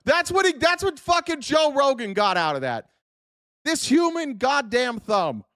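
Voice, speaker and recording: A man with a notably high speaking voice launches into a furious, profane political rant, hurling insults at the clips he reacts to. The sound is dry and close, with hardly any room around it. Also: very animated, measured pace, fairly bright tone, no room sound. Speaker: podcast host.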